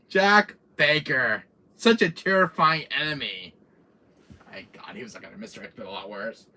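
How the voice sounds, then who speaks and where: A man hosting a gaming channel, excitedly retelling a game in a casual way, laughing often and restarting sentences. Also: mid-range voice, measured pace.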